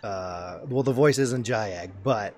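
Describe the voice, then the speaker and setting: A man co-hosting a casual gaming podcast, enthusiastic and quick to laugh. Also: on the low side. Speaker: podcast co-host.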